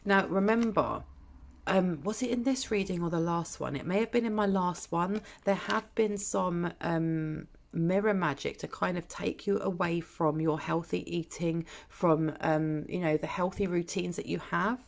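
A woman's voice: fairly low pitch, unhurried, gravelly. A woman giving a collective tarot reading in a blunt, chatty way, with cheeky mild swearing. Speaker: tarot reader.

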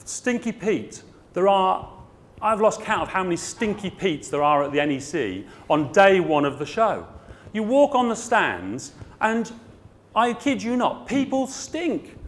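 A man's voice: high voice, very animated, measured pace. A middle-aged man, a garden centre owner, giving a blunt, comic conference talk in an exhibition hall. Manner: blunt, comic, puts on voices.

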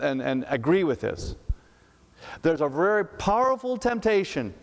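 Male pastor, slightly high voice, chatty preaching full of rhetorical questions, long sanctuary reverb. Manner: conversational, asks rhetorical questions, repeats words. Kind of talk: sermon. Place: church sanctuary.

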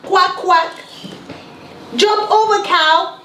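A woman teaching a young child with a slow, sing-song and encouraging manner, full of praise. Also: extremely high pitch, steady tone, pushed and bright, roomy sound, a little hiss or hum.

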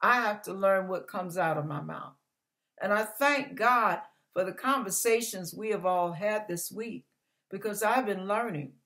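Older woman pastor, slow and deliberate, earnest conversational sermon. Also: medium pitch, fairly bright tone. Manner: earnest, conversational preaching that builds to emphatic repetition. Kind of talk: online church sermon.

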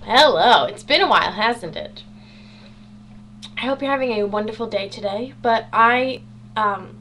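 Teen girl rambling on her webcam vlog, kinda high voice, sarcastic and goofy, faint hum behind. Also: a bit bright. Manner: bubbly, sarcastic, self-mocking. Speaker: vlogger. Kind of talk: casual chatty vlog. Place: home bedroom.

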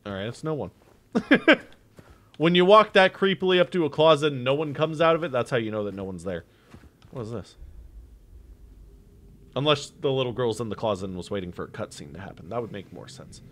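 A man's voice: medium pitch, lively intonation, fairly quick, pauses often. Jokey young man reacting to a horror game. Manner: swears and jumps between loud outbursts and muttering. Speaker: gaming YouTuber. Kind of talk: horror game let's play commentary.

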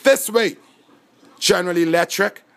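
A man's voice: high-pitched, animated, unhurried. A man with a Bahamian accent giving an impassioned, rambling monologue, full of indignation and frequent restarts. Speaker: self-recorded speaker.

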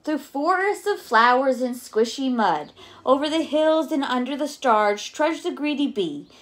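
A young adult woman reading a children's story aloud as a teacher, gentle and coaxing, often asking her listeners questions. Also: high voice, lively intonation, measured pace, slight background noise.

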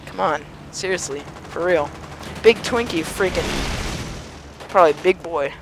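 Excitable teen guy over loud game noise. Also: high-pitched, unhurried. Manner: excitable, yelps and pleads at the game. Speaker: gaming YouTuber. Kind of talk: let's play commentary. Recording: noisy game audio behind voice. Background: engine and gunfire game sounds.

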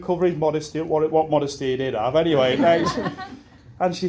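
In a wedding reception room, a young best man rambles through anecdotes, laughing at his own stories and swearing casually. His voice is a little high, brisk and darkish, with a slight hiss or hum in the audio.

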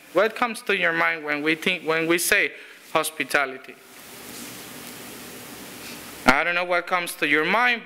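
A man's voice: high-pitched, bright, forceful tone, a little hiss or hum. A man pastor giving a conversational sermon, telling stories with frequent restarts and chuckles. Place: church sanctuary.

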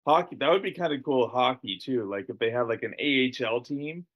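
A man's voice: medium pitch, a little fast, lo-fi sound. A man guesting on a podcast in casual chat, talking hesitantly with many "like" fillers.

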